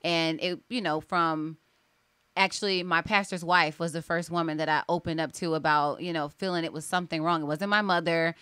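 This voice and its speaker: A woman's voice: sits low, fairly even intonation, brisk, sharp tone, clear, resonant tone, no echo. A woman co-hosting a radio talk show, speaking reflectively about her past with many "you know"s. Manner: reflective, filler-heavy talk. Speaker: co-host and author. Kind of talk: casual chat.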